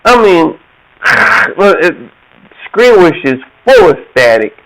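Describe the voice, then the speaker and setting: A man from the American South tells a story slowly and casually, his voice high and bouncing all over. He slips into other people's voices as he tells it, and he laughs often. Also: rough recording. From Georgia, USA. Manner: animated, laughs often, acts out quoted voices.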